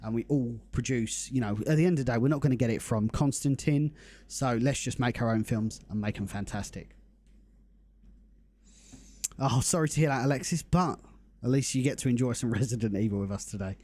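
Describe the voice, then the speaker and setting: A young man hosts a game live stream. His voice is mellow and warm, at a middling pitch. He chats casually and upbeat, greeting his viewers by name. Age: young adult. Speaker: livestream host.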